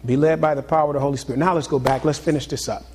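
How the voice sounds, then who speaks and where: A pastor preaching a sermon to his congregation, swinging between loud exclamations and hushed, confiding asides. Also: on the high side, steady tone, racing, long reverb tail, a little hiss or hum.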